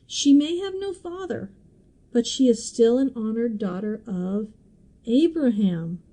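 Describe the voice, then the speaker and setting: A woman's voice: fairly high pitch, animated, measured pace, warm tone, rough recording. A woman hosting a podcast and teaching through a Bible passage, in a chatty, emotional way with asides and small laughs.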